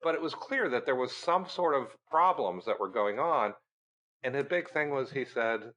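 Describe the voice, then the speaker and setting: A middle-aged man and guest on a podcast, telling a story in a lively way and acting out the dialogue. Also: medium pitch, normal speed, dull audio. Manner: animated storyteller, acting out quoted dialogue with laughs. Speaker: research center director, guest.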